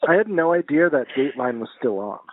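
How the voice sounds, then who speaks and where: A man co-hosting a podcast in casual chat, halting and repeating words. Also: on the high side, expressive, phone-quality sound. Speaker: podcast co-host.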